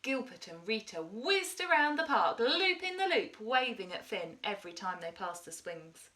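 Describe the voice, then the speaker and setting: Animated woman reading a children's story. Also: on the high side, moderate pace. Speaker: teacher. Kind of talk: storybook read-aloud.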